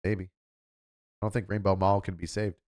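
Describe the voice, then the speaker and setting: A man's voice: low-pitched, little pitch movement, a little slow, darkish tone. A man hosting a livestream, chatting casually in a rambling, offhand way. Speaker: livestream host.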